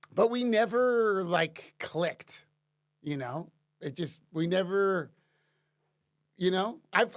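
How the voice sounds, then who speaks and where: A man's voice: sits high, a bit bright. Rambling man on a live stream. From Canada. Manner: rambling, lots of fillers and restarts. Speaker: musician answering live-stream chat questions. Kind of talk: casual live-stream chat.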